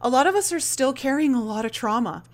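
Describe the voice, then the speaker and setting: A woman hosting a podcast interview talks in a chatty, animated way, full of "like" and "you know". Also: high voice, fast. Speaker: podcast host. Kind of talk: casual interview chat.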